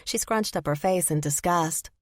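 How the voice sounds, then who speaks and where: A woman narrating a first-person romance audiobook in an even storytelling manner. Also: fairly low pitch, moderate pace, no room sound, studio quality.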